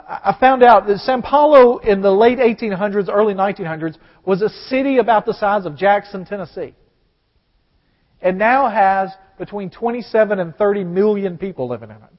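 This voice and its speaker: A man with a Southern US accent preaching a sermon, talking conversationally and then building to emphatic proclamations. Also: sits high. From American South. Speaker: pastor. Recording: dull sound with long hall reverb.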